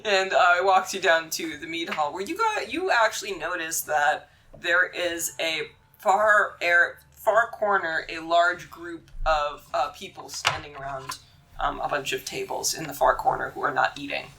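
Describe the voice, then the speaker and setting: A woman running a tabletop game as game master, narrating casually with frequent pauses and fillers. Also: lowish voice, lively intonation, bright, forceful tone. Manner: casual, halting, with many fillers while narrating.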